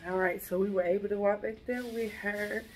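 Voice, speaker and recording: A woman's voice: mid-range voice, steady tone, moderate pace, a little mellow, a little hiss or hum. A mother vlogging from a hospital room, emotional and fighting back tears while soothing her child. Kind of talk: casual family vlog.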